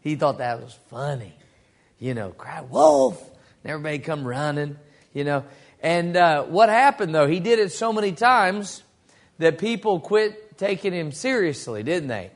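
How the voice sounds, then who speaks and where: Man, Bible study teacher, folksy storyteller, slightly high voice. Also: animated, moderate pace. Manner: folksy storytelling with acted quotes.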